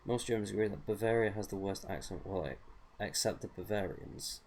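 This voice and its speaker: A man's voice: fairly low pitch, fairly quick, a little mellow, slight background noise. A young English man chatting casually with viewers while playing a game, rambling with lots of ums and uhs. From England. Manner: rambling, hesitant, many fillers. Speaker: gaming streamer.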